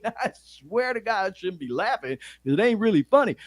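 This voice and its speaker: A middle-aged man with a Detroit accent talks on his podcast, his voice a touch higher than most men's. He swears freely, laughs often and swings between loud bursts and quiet asides. The sound is close and dry, with no room around it. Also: very animated, moderate pace, few pauses, dry recording. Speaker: podcast host. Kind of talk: casual podcast monologue.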